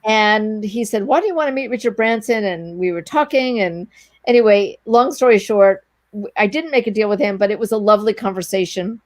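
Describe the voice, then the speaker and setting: A woman's voice: mid-range voice, fairly quick, no room sound. A middle-aged woman telling a long anecdote in a casual interview, acting out the other people's lines as she goes. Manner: animated, breathless anecdote telling with quoted dialogue. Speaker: guest, entrepreneur.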